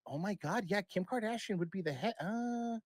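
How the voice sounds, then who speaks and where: A man's voice: high-pitched, animated, moderate pace, no room sound. A man talking as a podcast guest in casual chat, blunt and profane, rambling with restarts.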